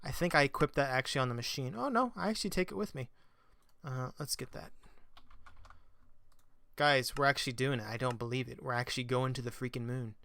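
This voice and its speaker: A man's voice: medium pitch, a little fast, gravelly, bright, forceful tone. A man giving casual commentary as he plays a video game, chatty and self-mocking, flaring into mock-exasperated rants. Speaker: let's play gamer.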